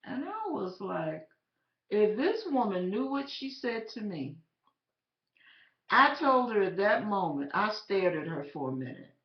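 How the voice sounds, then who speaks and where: A woman telling her own faith story as a personal testimony, animated and emphatic, speaking directly to the listener. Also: medium pitch, measured pace. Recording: roomy, slightly dull recording.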